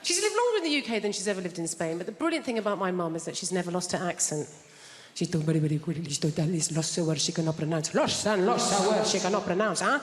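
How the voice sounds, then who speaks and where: A woman's voice: fairly low pitch, animated, fast, long reverb tail, very noisy. A woman performing a stand-up routine on a large theatre stage, dry and self-deprecating with hesitant fillers. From England. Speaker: stand-up comedian. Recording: live theatre with a loud audience.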